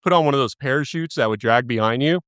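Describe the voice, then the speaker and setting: A man's voice: medium pitch, fast talker, fairly bright tone, smooth, no echo, clean studio sound. A man in his thirties on a casual podcast, telling family stories with heavy swearing and frequent laughter. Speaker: podcast guest.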